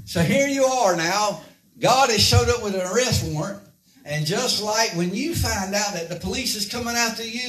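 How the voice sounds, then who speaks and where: In a high-pitched, somewhat bright voice, a man delivers a folksy sermon, peppering his congregation with rhetorical questions. The recording comes from a distant mic and sounds echoey.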